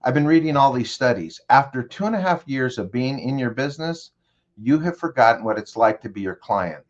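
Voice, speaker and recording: A man's voice: mid-range voice, animated, fairly quick, dull audio. A male consultant in an interview, walking the host through an imagined scenario and checking in with direct questions. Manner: leads the listener with direct questions. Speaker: guest consultant. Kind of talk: guided storytelling in an interview.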